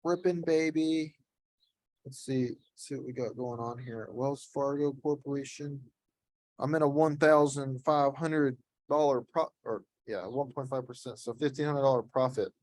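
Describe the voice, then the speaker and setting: A man's voice: medium pitch, steady tone, normal speed, a little mellow, no echo. A man hosting a live trading session on a voice call, talking in a blunt, profane, laid-back coaching way. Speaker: host streaming live trades. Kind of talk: casual chat on a voice call.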